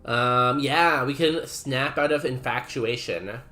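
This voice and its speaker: A man's voice: mid-range voice, takes it slowly, pushed and bright, soft background music. A man streaming a game, chatting casually and rambling while he reads messages from chat aloud.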